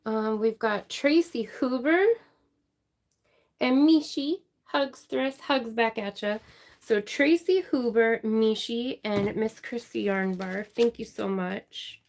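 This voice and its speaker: A woman with a slightly high, gravelly voice hosts a crafting livestream. She speaks slowly and chattily, reading out names and thanking her viewers warmly. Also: slight background noise.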